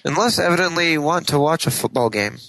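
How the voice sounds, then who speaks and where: A man's voice: on the high side, lively intonation, quick pace, gravelly, a bit bright, no echo, rough recording. A man co-hosting a casual podcast, giving short, wry replies. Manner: brief, wry responses. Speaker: podcast co-host. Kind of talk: casual chat.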